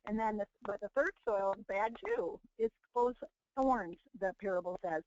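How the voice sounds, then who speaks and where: A woman's voice: medium pitch, moderate pace, darkish tone, slight background noise. A woman presenting a motivational webinar, preaching with repeated phrases and acting out quoted people. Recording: muffled lo-fi webinar audio.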